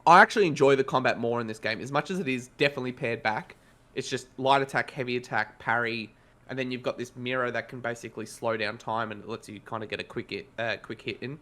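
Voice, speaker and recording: A man with an Australian accent talks through a game review in casual podcast chat. He rambles and corrects himself mid-sentence, his voice sitting at an ordinary middle pitch. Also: fast, sharp tone. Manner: rambling, self-correcting, conversational.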